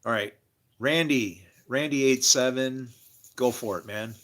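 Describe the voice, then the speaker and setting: A livestream host rambles in a profane, confessional monologue about faith and his struggles, musing on religion and addressing chat viewers by name. His voice is medium-pitched and fairly bright, and he talks a little slowly.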